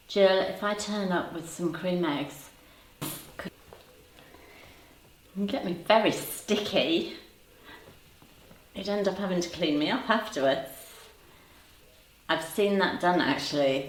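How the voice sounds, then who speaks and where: A woman in her fifties with a low voice talks slowly and easily, greeting viewers by name and joking with them. She sits a little back from the mic, and the room is echoey around her. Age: 50s. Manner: chatty, teasing, laughs often. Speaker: livestream host reading chat. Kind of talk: casual live chat. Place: home room. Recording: roomy sound, voice a bit far from the mic.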